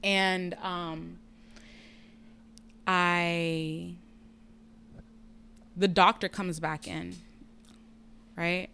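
A woman's voice: lowish voice, very slow, gravelly, pauses often, smooth. A woman telling a personal story in casual chat, candid and profane. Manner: candid, profane, lively retelling.

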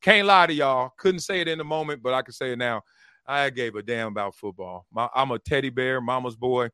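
A man in his thirties, a former pro football player turned broadcaster, telling stories in a casual interview with lively, slangy talk. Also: mid-range voice, fairly quick, smooth, dry recording, clean studio sound. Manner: animated, slangy, acts out quotes with shifting voices.

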